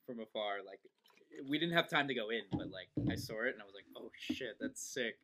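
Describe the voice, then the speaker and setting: A young man from New York co-hosting a podcast, laid-back and quick to laugh in casual chat. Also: lowish voice, lively intonation, bright, forceful tone. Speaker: podcast co-host.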